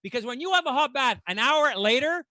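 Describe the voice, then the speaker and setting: A man's voice: very high-pitched, lively intonation, brisk, sharp tone, no echo. A man doing a stand-up comedy set on a club stage, ranting in exasperation and swearing casually.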